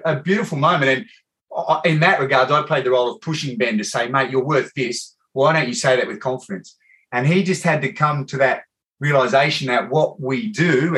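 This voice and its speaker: An Australian man hosting a casual podcast chat. He tells animated, rambling stories and calls people "mate" often. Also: medium pitch. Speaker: podcast host.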